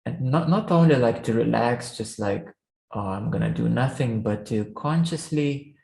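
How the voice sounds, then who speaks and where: A man giving a spiritual teaching talk as a meditation teacher, speaking haltingly with many restarts and fillers. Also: mid-range voice, a little mellow, roomy sound, rough recording. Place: room.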